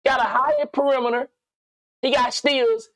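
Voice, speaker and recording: A man giving casual reaction commentary on a video, slangy and animated, rambling and swearing as he thinks aloud. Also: extremely high pitch, normal speed.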